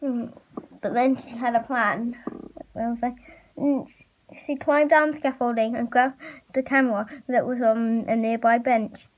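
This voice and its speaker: A woman reading a fan story aloud, halting and stumbling with fillers. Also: a little high, fairly even intonation. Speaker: reader. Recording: muffled lo-fi recording.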